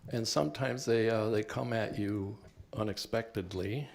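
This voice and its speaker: A man's voice: lowish voice, normal speed, vocal fry. An older man born in Cuba, a professor giving an earnest, reflective talk about his life and work, with touches of wry humor. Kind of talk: personal reflective lecture.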